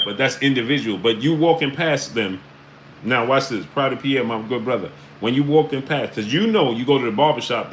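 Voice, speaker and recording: A man with a medium-pitched voice hosts a casual livestream from the New York area, shouting out names from the chat. He fills his talk with frequent "uh" and "right?" The audio is poor, with slight background noise.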